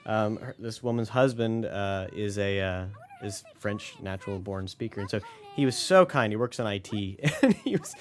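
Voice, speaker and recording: A man sharing lively behind-the-scenes stories in a film commentary, laughing easily as he talks. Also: on the low side, normal speed, few pauses. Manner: animated storyteller, laughs easily. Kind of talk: casual commentary anecdotes.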